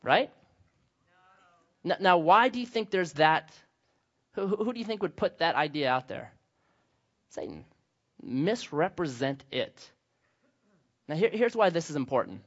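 Young man, pastor, high bright delivery, storytelling sermon, slightly muffled lo-fi audio. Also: big pitch swings, a little slow, long pauses. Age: young adult. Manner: storytelling, acting out voices with humor. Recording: slightly dull lo-fi sound.

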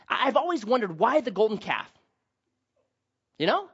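A man's voice: sits high, very animated, normal speed, fairly bright tone, breathy edge. A man pastor giving a sermon, telling Bible stories with humor and acted asides, on a dull lo-fi recording.

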